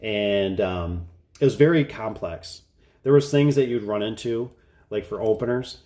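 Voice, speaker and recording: Low, mellow-voiced man telling a rambling story. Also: measured pace. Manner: chatty, exasperated, rambling with restarts. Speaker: garage door business owner. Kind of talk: casual storytelling to camera.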